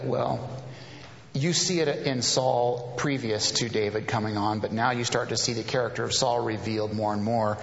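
A man's voice: medium pitch, vocal fry. A man preaching a conversational sermon, retelling Bible stories and acting out the characters' lines. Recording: echoey hall, dull lo-fi sound.

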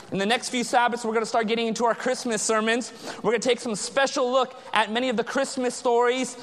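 A man's voice: extremely high pitch, a bit bright. A man preaching a sermon as pastor, quizzing the congregation with call-and-response questions. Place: large church sanctuary. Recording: long church reverb.

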